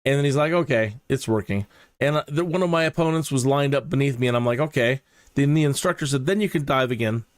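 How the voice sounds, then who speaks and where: A man's voice: mid-range voice, fast talker, no room sound. A man narrating his own flight simulator session in a mannered, storytelling, self-mocking way, speaking into a close desk mic. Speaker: flight sim video host. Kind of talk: casual gameplay narration.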